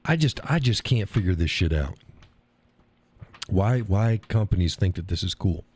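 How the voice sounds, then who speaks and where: A man's voice: low-pitched, lively intonation, moderate pace, darkish tone, husky. A middle-aged American man hosting a live stream, ranting casually in a profane, rambling way and mocking other people's words. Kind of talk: casual storytelling rant.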